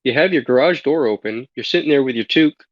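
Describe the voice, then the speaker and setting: A man's voice: medium pitch, quick pace, no room sound. Canadian guest, man, stammering ramble, dry and slightly muffled recording. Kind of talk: casual chat. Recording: slightly dull lo-fi audio.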